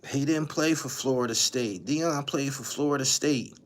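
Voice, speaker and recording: A man's voice: medium pitch, normal speed. A man hosting a livestream, giving profane, ranting commentary and repeating his lines for emphasis. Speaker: channel host.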